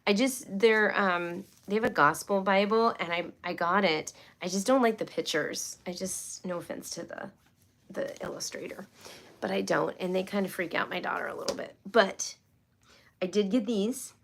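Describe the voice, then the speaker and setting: A woman's voice: mid-range voice, normal speed, vocal fry, fairly bright tone. A woman hosting a casual homeschool live stream, chatty and rambling, with many fillers and restarts. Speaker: homeschool livestream host.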